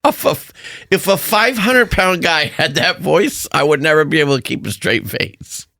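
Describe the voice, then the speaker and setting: Lively high creaky-voiced man. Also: no room sound, studio quality. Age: middle-aged. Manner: wry, quick interjecting questions. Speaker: podcast co-host. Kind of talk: casual chat.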